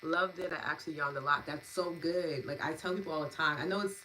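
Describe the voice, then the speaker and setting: A woman's voice: low voice, steady tone, quick pace, a little hiss or hum, low-quality recording. A woman hosting a live EFT and meditation stream. She thanks viewers by name, laughs often and gushes as she reads their comments. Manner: warm, gushing, laughs often, lots of fillers. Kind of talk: live-stream wrap-up, reading chat comments.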